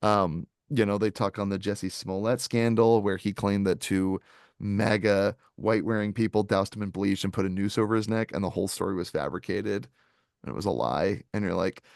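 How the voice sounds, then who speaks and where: A podcast co-host on a movie review show tells long, rambling stories in animated, casual chat, full of fillers and restarts. His lowish voice has vocal fry and moves at normal speed, recorded at studio quality with no echo.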